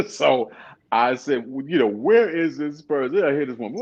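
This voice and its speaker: A man telling stage stories in a casual interview, animated and laughing often, mimicking other people's voices. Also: medium pitch, normal speed, lo-fi sound. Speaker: guest singer. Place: radio studio.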